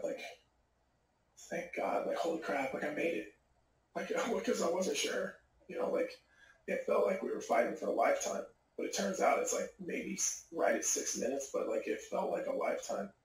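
A man's voice: sits high, gravelly. A middle-aged man, a professional fighter, tells a personal story in a casual interview and rambles with many fillers. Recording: echoey room.

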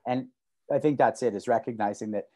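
Co-hosting a laid-back martial arts podcast over a video call, a man tells stories at a fairly quick pace. He acts out quotes in sudden bursts that are loud and high.

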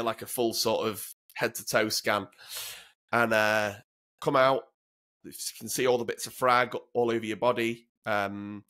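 With a medium-pitched, somewhat bright voice, this former British soldier in his 30s tells casual stories as a guest. He's sweary and blunt, laughing all the way through.

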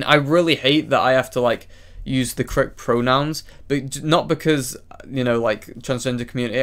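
Male vlogger, mid-range pitch, angry direct-address monologue full of profanity and repeated insults. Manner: furious, profane, repetitive insults with brief apologetic asides. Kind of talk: angry ranting monologue addressed to one person.

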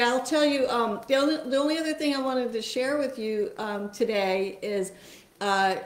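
A woman hosting a casual live cooking chat in her home kitchen, chatty and bubbly. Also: a little high. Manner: chatty, bubbly, laughs often. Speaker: host. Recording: echoey kitchen.

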